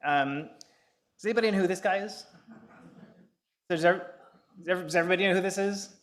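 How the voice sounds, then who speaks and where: A Bahamian man in his fifties delivers a public law lecture in a lecture hall, his voice high-pitched, brisk and a little bright. He tells personal stories conversationally, with lots of filler sounds and soft chuckles.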